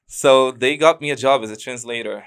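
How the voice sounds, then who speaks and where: A man's voice: mid-range voice, normal speed, clear, resonant tone. Brazilian man telling a story with laughs. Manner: laughs often, retells conversations with fillers. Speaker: podcast guest. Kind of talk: casual storytelling interview.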